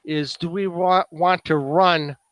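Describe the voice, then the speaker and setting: A man's voice: on the high side, steady tone, takes it slowly, highs cut off, a little hiss or hum. A man with a Chicago accent presenting at a meeting, musing aloud with many fillers. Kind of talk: casual demonstration talk.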